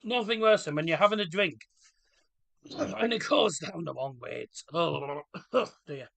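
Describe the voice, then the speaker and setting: Casting note: man, fairly high and bright-toned, rambling livestream host with jokes and loud reactions to play. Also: animated, unhurried, vocal fry. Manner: chatty, rambling, jokey, reacts loudly to play. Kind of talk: casual match watchalong chat.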